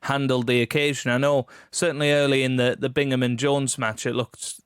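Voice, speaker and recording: Smooth-voiced man co-hosting a podcast. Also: medium pitch, level tone, brisk, no echo, clean studio sound. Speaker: podcast co-host. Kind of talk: casual chat.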